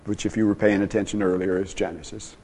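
A man preaching a sermon as pastor, with a dynamic delivery that swings from soft, low passages to emphatic, raised ones. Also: little pitch movement, quick pace, a little hiss or hum.

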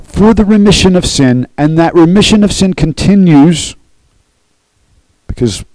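A man's voice: high-pitched, animated, a little slow, darkish tone, no echo, poor audio. A man preaching a sermon as pastor, earnest, often checking in with the congregation by asking "okay?".

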